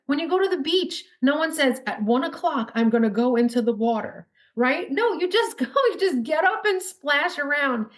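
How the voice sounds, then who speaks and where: A woman with a New York accent, a guest in a casual podcast interview, talking quickly and upbeat with frequent laughs. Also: on the high side. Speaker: podcast guest, spirit baby intuitive.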